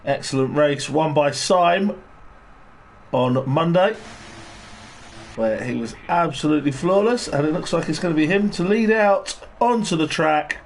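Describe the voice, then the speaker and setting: A man giving relaxed live commentary on an online race and greeting viewers in the chat. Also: a little high, measured pace, creaky. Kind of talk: live sim-racing commentary. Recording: noisy stream with engine sound behind.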